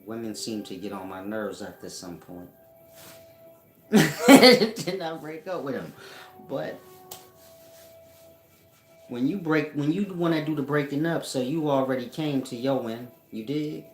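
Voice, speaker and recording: A man's voice: mid-range voice, animated, normal speed, a little mellow, soft background music. Slangy, laughing man in an echoey room. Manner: slangy, laughs often, loose and joking. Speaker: spiritual teacher answering viewers. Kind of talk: casual livestream chat.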